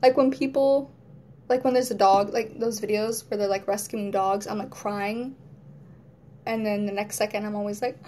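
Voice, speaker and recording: A woman's voice: on the high side, a little fast, mellow. A woman vlogging at home in casual chat to camera, rambling, laughing often and acting out moods in quoted voices.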